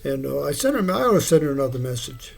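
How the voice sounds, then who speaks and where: A man's voice: medium pitch, very animated, quick pace, gravelly, faint music behind. A man in his sixties rambling through a loose, free-associating monologue at home, often chuckling between thoughts. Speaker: video blogger. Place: his home, living room.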